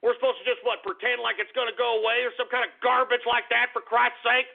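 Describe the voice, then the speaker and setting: A man's voice: extremely high pitch, flat delivery, quick pace, creaky. A man hosting a talk radio show, ranting heatedly, swearing and stammering in agitation. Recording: phone-like lo-fi radio audio.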